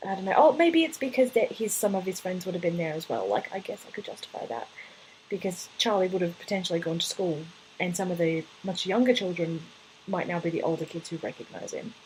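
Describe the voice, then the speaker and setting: A woman's voice: fairly low pitch, expressive, brisk, a little mellow, slight background noise, low-quality recording. A woman in her twenties co-hosting a podcast, thinking things through aloud in casual chat. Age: 20s. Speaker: podcast co-host.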